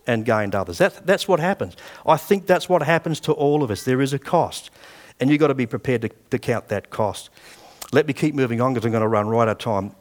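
A man in his sixties with an Australian accent, preaching a sermon and telling personal stories in a conversational way. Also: mid-range voice. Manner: conversational storytelling, acting out past dialogue.

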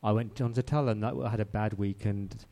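A man's voice: lowish voice, steady tone, a little fast, mellow. A man preaching a sermon in a church, who speaks conversationally and often repeats and restarts his words. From outside Australia.

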